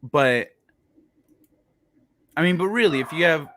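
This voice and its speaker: A man's voice: on the high side, animated, measured pace, sharp tone, no room sound. A man hosting a casual gaming live stream, rambling with lots of fillers and sometimes losing his train of thought. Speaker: host.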